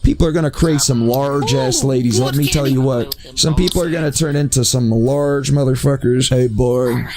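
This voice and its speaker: A man's voice: mid-range voice, normal speed, a crowd in the background. A man streaming a social game, talking in a rambling, joking way and calling everyone bro. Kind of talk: casual livestream chat in a social game.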